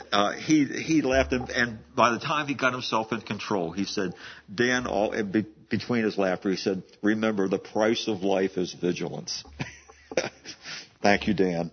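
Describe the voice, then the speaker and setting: Older guy preaching, kinda husky and low, talks like he's just telling you a story, muffled lo-fi sound. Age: 70s. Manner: conversational storytelling preacher with frequent restarts and laughs. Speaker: pastor. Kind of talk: sermon.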